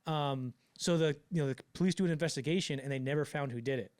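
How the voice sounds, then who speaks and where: Guy rattling off a crazy story real quick, lots of likes and you knows, voice a bit high. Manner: animated storyteller, acts out quotes with loud bursts; fast, loose, lots of fillers. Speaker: podcast co-host. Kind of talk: casual storytelling chat.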